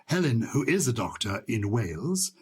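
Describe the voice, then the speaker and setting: A man's voice: mid-range voice, big pitch swings, moderate pace, husky. A man co-hosting a podcast, chatting playfully and telling anecdotes. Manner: playful, storytelling, acts out quoted lines. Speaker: podcast co-host. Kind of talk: casual chat.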